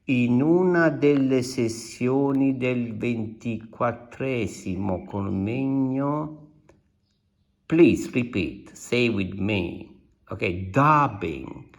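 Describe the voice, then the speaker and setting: A man with an Italian accent teaching an Italian lesson, speaking slowly and deliberately with many fillers and restatements. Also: mid-range voice. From Italy. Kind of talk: slow language lesson.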